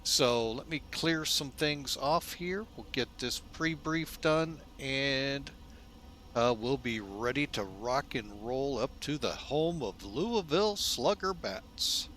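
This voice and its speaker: A man hosting a flight simulator video in a casual, folksy way, relaxed and loose with lots of fillers, often speaking to viewers as folks. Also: mid-range voice, takes it slowly. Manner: chatty, folksy, keeps calling viewers "folks". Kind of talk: casual narrated simulator walkthrough.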